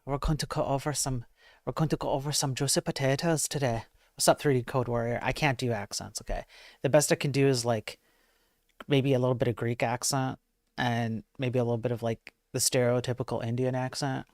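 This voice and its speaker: A man's voice: mid-range voice, steady tone, fairly quick, no room sound, clean studio sound. A man hosting a live stream, chatting casually and self-deprecatingly with his viewers, rambling from one aside to the next. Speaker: livestream host.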